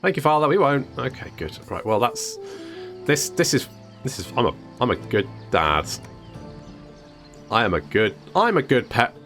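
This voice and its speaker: A man's voice: fairly low pitch, sing-song, a little slow, long pauses, fairly bright tone, faint music behind. A man casually commenting on a game he is playing, joking and thinking aloud. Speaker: gaming video host.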